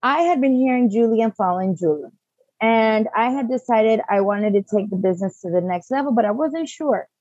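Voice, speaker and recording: A woman's voice: on the high side, fairly quick, dry recording, dull audio. A middle-aged woman chatting casually as a guest, telling a story and acting out the voices of others. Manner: animated storyteller acting out quotes. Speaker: client, podcast guest. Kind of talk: casual conversation.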